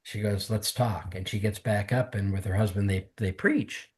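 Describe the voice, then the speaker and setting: A man's voice: on the low side, fairly even intonation, normal speed, darkish tone. A man, a podcast guest, candidly telling his personal testimony in conversation and acting out what others said to him. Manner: earnest, candid storytelling that mimics others' words. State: emotional, close to tears.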